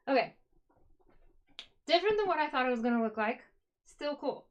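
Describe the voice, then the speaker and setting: A woman's voice: sits high, very animated, normal speed. A woman hosting a casual live stream as a yarn dyer, chatty and upbeat, talking to her viewers as she works.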